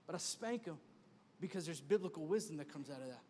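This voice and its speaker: A pastor in his thirties delivers a sermon in a high, animated voice at a quick pace, speaking conversationally to the congregation and returning again and again to a repeated refrain. The long reverb of a large church hall surrounds his voice, with a little hiss or hum.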